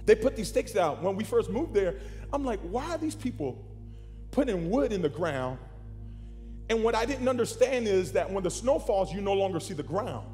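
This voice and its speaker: High-voiced man preaching in an echoey hall. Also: moderate pace, faint music behind. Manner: animated preaching, calls to the congregation. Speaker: pastor. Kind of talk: sermon.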